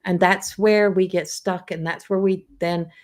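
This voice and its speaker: A woman's voice: lowish voice, fairly even intonation, measured pace. A middle-aged woman from Newfoundland with a Newfoundland accent, a psychic medium chatting casually on a livestream with many restarts. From Newfoundland, Canada. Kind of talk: casual rambling livestream talk.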